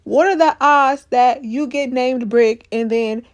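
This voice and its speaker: A woman's voice: high-pitched, unhurried. Sassy woman recapping an episode. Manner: animated, sassy commentary.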